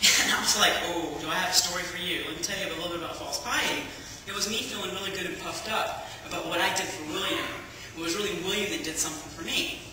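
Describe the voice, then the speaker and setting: A woman giving a personal testimony as a lively storyteller, acting out the dialogue and laughing often. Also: on the low side, background noise. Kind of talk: personal testimony to a church audience. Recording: echoey hall, from far off.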